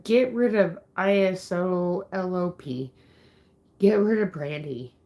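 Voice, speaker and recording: A woman's voice: fairly low pitch, slow, dark tone. A woman ranting angrily at her viewers on a livestream, upset and swearing, threatening people in the chat. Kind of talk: angry livestream rant.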